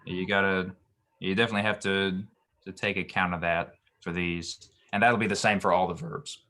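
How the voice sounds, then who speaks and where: Low-voiced man teaching Hebrew grammar. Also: moderate pace. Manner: relaxed, explanatory, many ums and restarts. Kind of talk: online grammar lesson.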